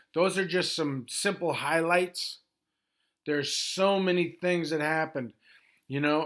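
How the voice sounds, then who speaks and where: A gravelly-voiced man in his sixties giving an informal history overview, rushing through it with many ums and restarts. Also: a little high, a bit bright. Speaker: history presenter.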